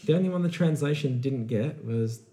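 A man co-hosting a casual beer-review podcast, telling stories in a rambling, animated way. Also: mid-range voice, moderate pace. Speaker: podcast co-host.

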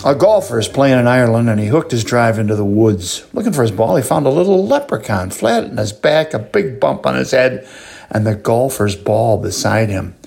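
A male host who tells a joke in a folksy, animated way and then signs off the show. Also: mid-range voice, moderate pace, creaky, soft background music. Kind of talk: joke telling and show sign-off.

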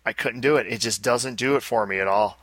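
A man co-hosts a casual podcast, rambling and joking about pinball machines with fast asides. His voice is mid-range and a bit bright, with no echo.

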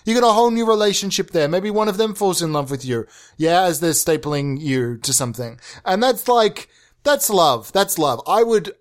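Man, high-pitched voice, rambling comedic podcast monologue, swears, bounces between bits. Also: lively intonation, normal speed. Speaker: podcast host.

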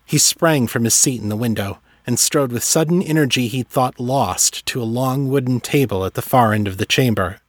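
A man narrating a fantasy story in a measured, dramatic way. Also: mid-range voice, dry recording, studio quality. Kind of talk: scripted narration.

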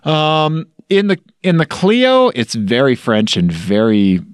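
A man's voice: medium pitch, takes it slowly, clear, resonant tone, no echo, clean studio sound. A man co-hosting a podcast in casual chat, rambling and playful, often hesitating as he talks. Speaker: podcast co-host.

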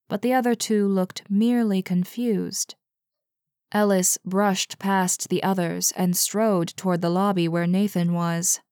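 A woman reads an audiobook in a measured, even way, taking her time over every line. Her voice sits a little low, and the recording is close and dry with no room sound. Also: no echo. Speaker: audiobook narrator. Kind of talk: scripted narration.

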